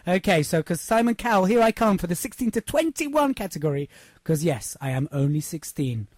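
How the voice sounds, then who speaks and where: Brief: high-pitched male radio host, punchy motivational delivery, very dry close studio sound. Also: big pitch swings, a little fast, darkish tone, no echo. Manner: emphatic, repeats points, asks "yes?". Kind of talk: upbeat motivational radio talk. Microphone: studio microphone.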